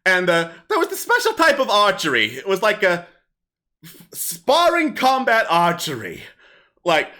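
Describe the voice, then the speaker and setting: A sleazy little kobold comedian, as a man puts him on, pitched up high and swinging his voice all over the place. He rambles through crude setups and hits each dirty punchline with smarmy relish. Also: pushed and bright, full character voice. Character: sleazy male kobold stand-up comic, crude. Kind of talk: comedic tabletop role-play.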